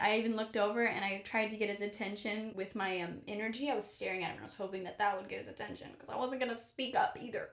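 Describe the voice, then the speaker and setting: Animated young woman telling a story, echoey room. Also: fairly high pitch. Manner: animated, swears often, exaggerated for comic effect. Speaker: vlogger. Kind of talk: casual storytelling vlog.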